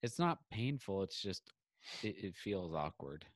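A man with a fairly low voice chats casually on a podcast and retells a story. He acts out the quoted back-and-forth with lively shifts. The sound is dry and close, with no room echo. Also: a little slow. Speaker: podcast co-host. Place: home, on a video call.

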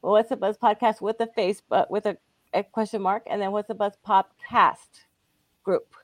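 Woman, podcast co-host, giggly, lots of fillers, medium pitch, dry close mic. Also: steady tone, normal speed, no echo. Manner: giggly, hesitant, with many fillers. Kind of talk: casual podcast chat.

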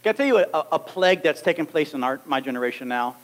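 Lively high-voiced male preacher. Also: racing. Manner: animated, acts out little scenes and voices. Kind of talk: sermon.

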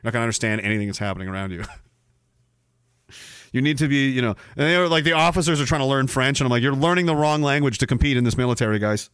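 A man's voice: mid-range voice, very fast, a bit bright, smooth, no echo. A man hosting a podcast, reading out comments in a sarcastic, profane, rambling way. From Canada. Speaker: podcast host. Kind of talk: casual livestream chat reading comments.

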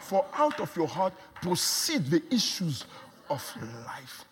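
A man delivers a sermon in a high, lively voice that climbs and dips all over. He repeats words for emphasis and swings between quiet asides and shouts. His voice rings out with a long echo, as in a large hall. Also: slow pace, background noise. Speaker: preacher.

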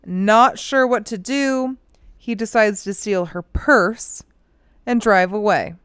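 A woman's voice: mid-range voice, slow, fairly bright tone, clear, resonant tone, no room sound, clean studio sound. A woman co-hosting a casual true-crime podcast at home, telling the story animatedly, swearing freely and laughing often. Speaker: podcast co-host.

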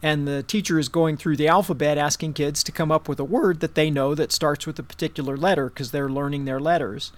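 A man's voice: a little high, brisk, hardly any pauses, no echo. A man in casual conversation, telling a rambling personal story and then a joke, with many fillers and restarts. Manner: rambling, animated joke-telling with acted quotes.

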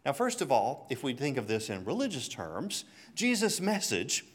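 A man's voice: medium pitch, huge pitch swings, moderate pace, breathy edge. A man preaching a conversational sermon, chuckling often and telling stories between scripture readings.

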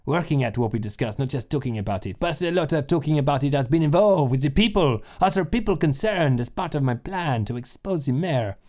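A man's voice: a little high, lively intonation, fairly quick, few pauses, a little mellow, pitched above the performer's own voice, natural voice. A man voicing a disguised male reporter posing as a French circus strongman, with a put-on French accent and a theatrical, self-satisfied delivery. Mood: showy.

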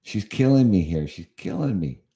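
This podcast host, a man from Canada in his fifties, talks at a moderate pace in a mellow, sing-song voice on the low side. His casual live-show chatter rambles and restarts, punctuated by chuckles and exasperation.

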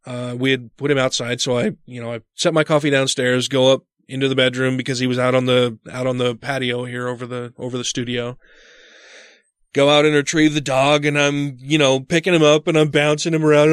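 Man, casual storytelling, profane, animated, dry close sound. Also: medium pitch, a little fast, clear, resonant tone, no room sound. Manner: animated, profane, acts out his own panicked voice. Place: home studio.

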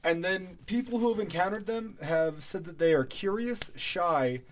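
Male podcast host, slightly high voice, casual chat, offhand and profane, faint background hiss. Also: normal speed. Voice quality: profane, offhand, dismissive asides.

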